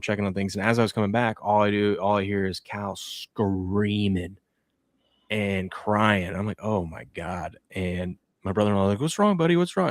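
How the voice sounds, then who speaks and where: A man in his thirties hosting a casual talk show, telling animated stories about his kids. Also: lowish voice, no echo, clean studio sound. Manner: animated storyteller, acts out a toddler's shrieks. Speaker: podcast host. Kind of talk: casual chat.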